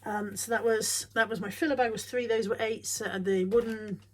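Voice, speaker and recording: Woman, middle-aged, wry casual vlogger, slightly high voice. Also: steady tone, moderate pace, slight background noise. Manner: chatty, wry, thinks out loud. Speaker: reseller showing bargain finds. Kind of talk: casual chatty vlog.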